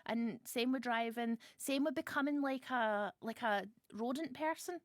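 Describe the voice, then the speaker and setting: A Scottish woman hosts a relaxed radio show, chatting and poking fun at herself as she reads out listener messages. Her voice sits fairly high, and the studio mic is close and dry with no room sound. She laughs easily between stories. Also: measured pace, no echo. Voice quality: chatty, self-mocking, laughs often. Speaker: radio host. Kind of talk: casual radio chat.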